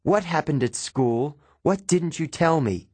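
A man voicing a protective, worried mother who speaks softly and pleads. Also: fairly high pitch, lively intonation, unhurried, husky, no echo, pitched above the performer's own voice. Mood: urgent. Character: worried, protective mother, middle-aged woman.

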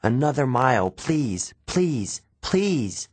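A man's voice: mid-range voice, animated, moderate pace, dry recording, lightly acted. A man voicing a tense, protective mother who speaks tightly and pleads, in an audiobook reading. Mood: pleading.

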